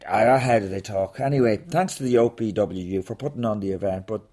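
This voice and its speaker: A comedian hosting a podcast rants through a sarcastic anecdote, swearing freely, before moving on to interview a guest in a rambling comic style. His lowish, mellow voice runs at a quick pace with hardly any pauses.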